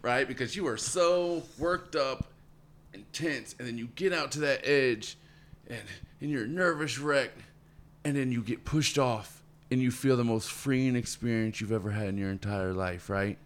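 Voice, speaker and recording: A man talking casually as a guest, earnest and motivational, often repeating words and calling people "man". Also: normal speed. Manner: acts out quoted voices in a higher pitch. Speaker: podcast guest. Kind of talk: casual conversation.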